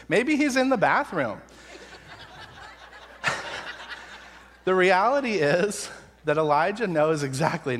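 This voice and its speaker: A man's voice: medium pitch, a bit bright. A man preaching a sermon as pastor, telling the story in a conversational, wry and sarcastic way. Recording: reverberant hall sound.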